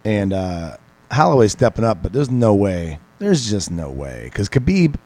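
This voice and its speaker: A lower-pitched man chats casually about fights, rambling with lots of restarts and fillers. His talk is loose and unscripted, like a guest on a local sports show. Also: sing-song, unhurried, darkish tone, dry recording, rough recording. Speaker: podcast guest, MMA pundit.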